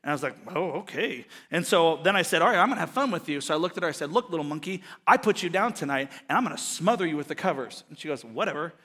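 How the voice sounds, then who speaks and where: Bright high-voiced pastor preaching in a hall. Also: male voice, lively intonation, very fast, few pauses. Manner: storytelling, jokey, acts out quoted voices. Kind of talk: sermon.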